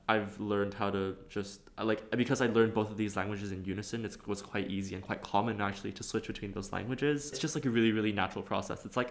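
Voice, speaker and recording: A young man from Hong Kong, speaking casually in an interview with lots of "like" and "kind of". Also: fairly low pitch.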